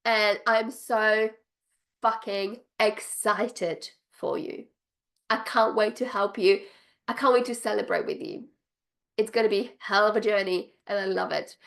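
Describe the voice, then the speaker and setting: A woman's voice: medium pitch, a little slow, gravelly. A woman business coach speaking straight to her viewers, gushing and emphatic, repeating her phrases to drive them home. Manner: bursts of excited laughter. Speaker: business coach for spiritual entrepreneurs. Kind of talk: direct-to-camera pitch.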